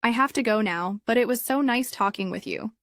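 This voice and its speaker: A woman's voice: on the high side, a little fast, a bit bright, dry recording, clean studio sound, close to an everyday voice. Woman voicing a polite young English learner. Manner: polite and careful.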